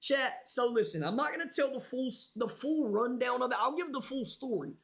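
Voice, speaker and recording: A man's voice: very high-pitched, expressive, fairly quick, a bit bright. A man livestreaming, rambling casually and swearing a lot as he talks straight to his chat.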